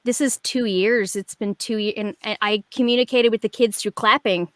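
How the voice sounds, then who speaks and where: A woman in her forties, a guest performer telling a story in a rambling, animated way with lots of fillers over a video call. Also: medium pitch, moderate pace, no echo. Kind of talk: casual chat.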